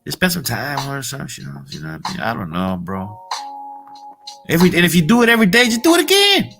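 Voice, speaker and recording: Fired-up man cursing, bright voice. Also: on the high side, huge pitch swings, quick pace, creaky, soft background music. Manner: profane, heated, repetitive street slang. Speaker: motivational vlogger. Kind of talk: casual motivational rant.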